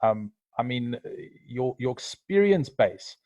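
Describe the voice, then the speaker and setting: A man's voice: medium pitch, sing-song, a little mellow, dry recording. A man co-hosting a video call interview who speaks thoughtfully, stopping and restarting often. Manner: thoughtful, halting, many restarts. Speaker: co-host. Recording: dull muffled call audio.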